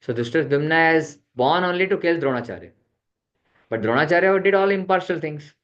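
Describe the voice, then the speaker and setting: A man's voice: fairly high pitch, lively intonation, brisk, a bit bright. Man teaching a scripture class. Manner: retells the epic with acted quotes, mixing Hindi words. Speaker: spiritual teacher. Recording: dull lo-fi sound.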